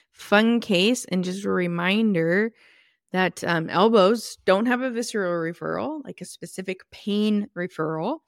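A woman's voice: mid-range voice, gravelly, no echo, studio quality. A woman hosting her own podcast, explaining clinical work in a casual, emphatic way and correcting herself as she goes. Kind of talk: solo podcast talk.

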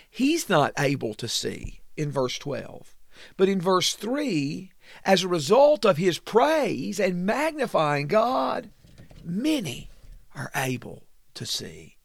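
A man delivers a sermon in a high, gravelly voice. He reads scripture slowly and with emphasis. His pitch swoops widely, and the recording is dry and close. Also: no room sound. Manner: slow, emphatic scripture reading with sweeping pitch. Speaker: preacher.

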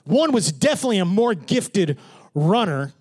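A man preaching a sermon in church, joking with the congregation and swinging from hushed whispers to shouts. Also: high voice, sing-song, moderate pace. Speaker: pastor.

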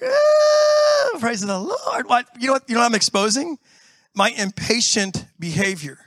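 A middle-aged male pastor preaching to a congregation in a church, animated and exclamatory, acting out everyday scenes as he talks. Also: high voice, no echo. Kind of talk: sermon.

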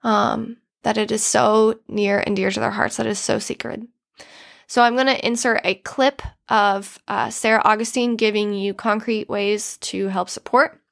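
A woman's voice: medium pitch, steady tone, measured pace, creaky. A woman hosting her podcast solo, talking earnestly and getting emotional as she speaks straight to her listeners. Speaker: podcast host.

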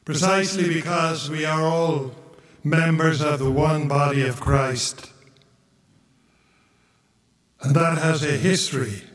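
A priest delivers a homily in an unhurried, deliberate way, his voice sitting a little high for a man. The sound is distant and echoey, as if caught from across a big church. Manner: slow, measured preaching with chanted gospel reading.

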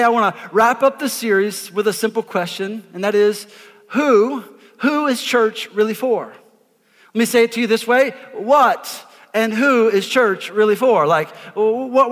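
A man, a pastor preaching an energetic sermon, emphatic and repeating words as he calls on the congregation to answer. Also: very high voice. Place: church auditorium before a congregation. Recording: live in a reverberant hall.

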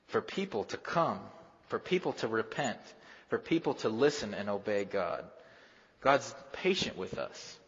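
A pastor preaching a sermon in a church sanctuary, dramatic, swinging from loud questions to hushed lines. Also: male voice, on the low side, husky. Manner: dramatic, rises and drops sharply, acts out quoted voices. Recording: dull sound, long hall reverb.

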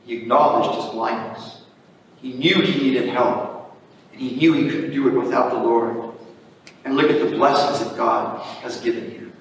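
A man's voice: medium pitch, steady tone, normal speed, gravelly, recorded from a distance, slight background noise. A priest giving an earnest sermon, preaching in a conversational way and often repeating his phrases. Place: church. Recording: echoey church hall from afar.

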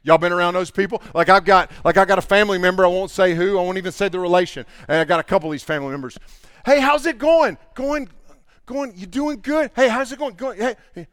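With a high-pitched, clear and resonant voice at a quick pace, a man delivers a conversational sermon, animatedly acting out everyday exchanges and imitating the people in them. The recording is dry.

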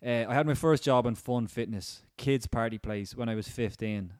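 An Irish man in his thirties co-hosts a podcast, reading listener stories and adding easygoing quips in casual chat. His medium-pitched, slightly mellow voice moves at normal speed, recorded dry with clean studio sound.

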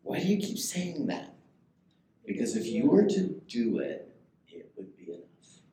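A man's voice: a little high, very animated, a little slow, warm tone, slight background noise. A man preaching a sermon as pastor, talking in a conversational way and putting questions to the congregation. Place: church sanctuary. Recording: echoey church room, faint ambience.

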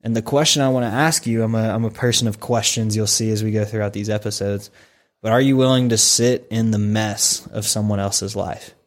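Low-voiced man asking probing questions. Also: steady tone, brisk. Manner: asks probing questions, speaks in earnest second person. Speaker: co-host of a discipleship podcast. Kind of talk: reflective faith discussion.

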